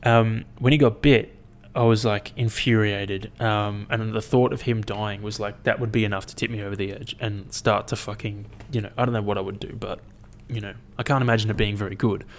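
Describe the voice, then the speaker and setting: A young man hosting his own podcast, chatting in a rambling, profane, animated way as he tells stories. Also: on the low side, fairly quick, hardly any pauses. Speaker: podcast host. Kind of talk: casual solo podcast chat.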